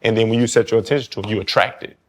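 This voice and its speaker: A man's voice: lowish voice, rapid-fire. A man in his thirties with a New Orleans accent, a football player talking casually as a podcast guest and acting out quoted talk. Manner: animated, acts out quoted talk. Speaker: guest quarterback.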